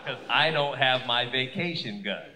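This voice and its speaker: A man doing a stand-up comedy set on a club stage, loud and animated, shouting his punchlines into a handheld mic. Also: mid-range voice, moderate pace, very noisy.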